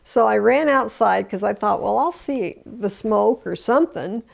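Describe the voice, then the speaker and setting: Gravelly-voiced older woman recounting. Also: medium pitch, a little slow. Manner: emotional retelling with many restarts; acts out quoted voices. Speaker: interviewee. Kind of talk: oral history interview.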